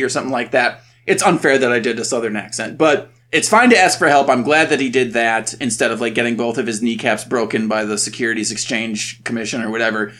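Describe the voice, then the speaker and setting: A man co-hosting a podcast from a home setup, chatting casually in an animated way, swearing freely and laughing easily. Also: medium pitch, a little fast, hardly any pauses. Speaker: podcast co-host. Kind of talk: casual chat.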